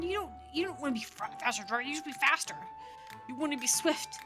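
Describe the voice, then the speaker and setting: A woman's voice: high voice, animated, fairly quick, over music. A young woman with a Midwestern American accent, casually telling rambling, giggly stories while playing a game and quoting people in funny voices. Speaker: gaming streamer.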